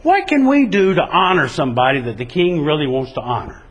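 A man's voice: on the high side, big pitch swings, a little fast, dull audio. A man retelling a Bible story and voicing a boastful king in an offhand, chatty way. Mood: casual. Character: drunk boastful male Persian king.

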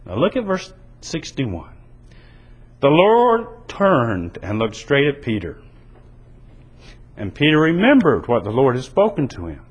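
A man's voice: medium pitch, huge pitch swings, unhurried, long pauses, slightly rough, lo-fi sound. A man preaching a sermon in an earnest, emphatic way, his delivery rising and falling. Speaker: pastor.

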